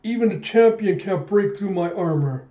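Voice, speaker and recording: A man voicing a big, tough, proud male cyborg brawler, loud and strained in a raised voice. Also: animated, normal speed, reverberant, highs cut off. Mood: boastful. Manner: loud, strained, high-pitched.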